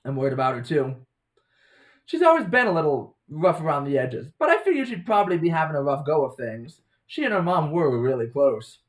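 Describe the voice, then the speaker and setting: A man voicing a friendly, chatty young woman from a small town, speaking in a raised, bright voice. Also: big pitch swings, brisk, poor audio. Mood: concerned. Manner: bright, chatty, higher-pitched.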